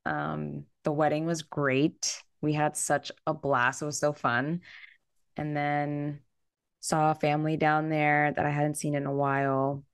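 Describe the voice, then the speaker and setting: Low-voiced woman telling a lively story. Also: a little slow, clean tone, no room sound, studio quality. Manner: animated, acts out quotes in the story. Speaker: podcast co-host. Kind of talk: casual chat, storytelling.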